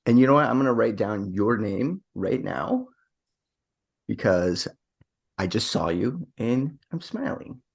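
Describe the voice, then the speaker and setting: A man's voice: lowish voice, big pitch swings, unhurried, creaky, slightly rough. A man co-hosting a recovery podcast, chatting in a playful, upbeat way. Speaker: podcast co-host. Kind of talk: casual podcast chat.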